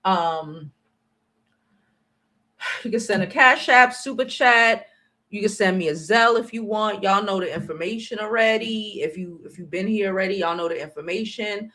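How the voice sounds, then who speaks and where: A sharp, bright-voiced woman from the United States hosts her own livestream commentary. She talks bluntly and profanely and goes after people in her chat head-on. Her level jumps from loud outbursts down to low muttering. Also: normal speed. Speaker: channel host.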